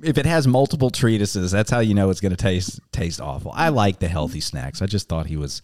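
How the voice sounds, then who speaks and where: Deep-voiced rambling podcast host man. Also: animated, fairly quick, a little mellow, no room sound, clean studio sound. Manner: rambling, self-interrupting and laughing. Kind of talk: casual chat.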